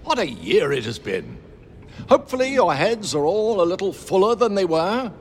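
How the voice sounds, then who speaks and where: A man's voice: high-pitched, sing-song, moderate pace, a little hiss or hum. A man voicing a whimsical, wise old male headmaster giving a playful, rambling speech. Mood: genial. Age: older.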